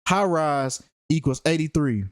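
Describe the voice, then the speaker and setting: A man's voice: on the high side, measured pace, dry recording, studio quality. A man giving a casual, profane commentary monologue, slangy and emphatic, repeating phrases for effect. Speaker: true-crime numerology commentator.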